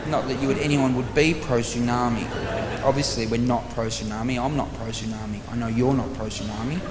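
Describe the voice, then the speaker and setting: A man doing stand-up comedy with an Australian accent, telling exasperated, profane stories with sudden loud outbursts to a live audience. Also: mid-range voice, fairly even intonation, brisk. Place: large theatre stage before a live audience. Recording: live theatre recording with long hall reverb and audience noise.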